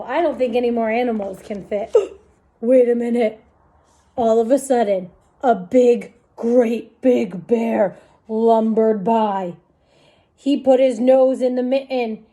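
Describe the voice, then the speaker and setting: A woman reading a picture book aloud to young children, in an expressive, animated manner with sound effects. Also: sits high. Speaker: storytime reader.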